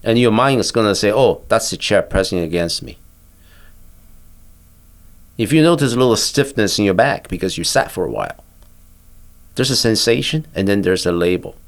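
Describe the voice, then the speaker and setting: An older man, a physician, guiding a listener through a body-awareness exercise in a calm, patient, instructive way. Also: on the low side, brisk, creaky. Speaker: physician and therapist guest. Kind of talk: guiding a mindfulness exercise in conversation.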